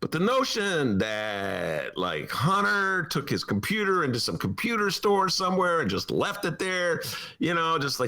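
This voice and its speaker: Studio talk host, male, raspy low voice, swings all over in pitch, wry. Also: normal speed. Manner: wry, animated, full of asides. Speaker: podcast host. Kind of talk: casual political talk. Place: radio studio.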